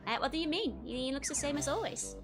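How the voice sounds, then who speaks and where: Chatty dutch girl streaming a game, laughs at everything, squeaky voice that jumps around. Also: animated, quick pace. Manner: giggly, chatty, answers chat. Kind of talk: casual gameplay commentary. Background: game music.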